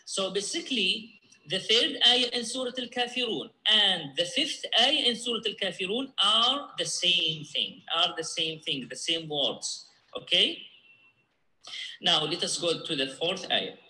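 High bright-voiced male recitation teacher. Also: expressive, reverberant, low-quality recording. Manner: patient, repeats points and checks with "okay?"; chants Arabic verses louder and faster. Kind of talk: tajweed lesson with repeat-after-me drills.

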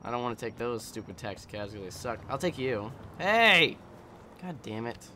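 A man's voice: mid-range voice, a little fast, a little hiss or hum. A man giving casual let's-play commentary while he games, rambling, joking and swearing. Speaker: gameplay commentator.

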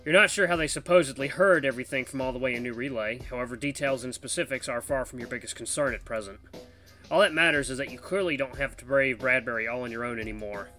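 A man reading a visual novel's second-person narration with brisk, lively storytelling. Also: medium pitch, soft background music.

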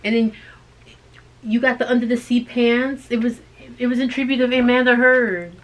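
A woman's voice: fairly high pitch, fairly even intonation. Chatty joking woman vlogger. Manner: chatty, joking, quick asides. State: recovering from illness. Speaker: co-host of a thrift channel. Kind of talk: casual chat.

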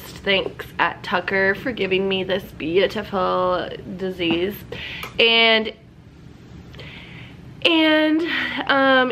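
A woman's voice: mid-range voice, a bit bright, a little hiss or hum, rough recording. A young woman with a stuffed-up voice, chatting casually to her camera at home in a bubbly, talkative way. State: stuffed up, congested. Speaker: vlogger. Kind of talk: casual vlog chat.

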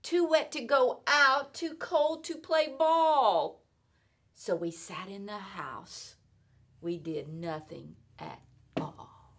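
A woman teacher reading a rhyming children's book aloud in an expressive, sing-song storytelling manner. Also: mid-range voice, slow pace. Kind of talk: children's read-aloud narration.

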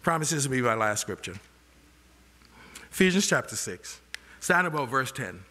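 A man's voice: mid-range voice, sing-song, normal speed, sharp tone. An older man preaching a sermon as pastor. He keeps asking the congregation questions and lets them finish his sentences. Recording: long reverb of a large hall.

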